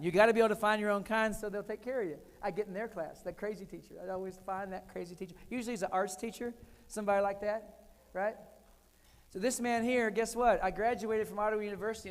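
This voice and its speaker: An older American man with a high, fast voice and fairly even intonation gives a keynote talk in an echoey hall. He tells funny personal stories in short, punchy phrases.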